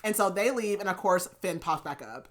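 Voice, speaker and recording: Chatty low-voiced woman recapping a book. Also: expressive, brisk. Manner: chatty plot recap full of "like", laughing often. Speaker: podcast host reviewing books. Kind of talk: casual chat.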